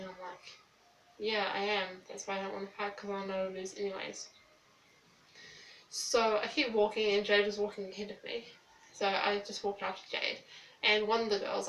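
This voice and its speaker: A young woman retells a personal story in a subdued, halting way, full of ums. Her voice stays flat and level. She sits back from the mic in an echoey room, with a faint hiss underneath. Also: mid-range voice, recorded from a distance. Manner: quiet, hesitant, filler-laden retelling. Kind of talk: storytime vlog.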